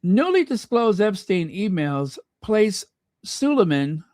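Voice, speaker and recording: A man's voice: a little high, big pitch swings, takes it slowly, a little mellow, no echo, clean studio sound. A man hosting a commentary channel, reading news aloud with chatty, sarcastic asides to his viewers. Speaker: royal commentary channel host.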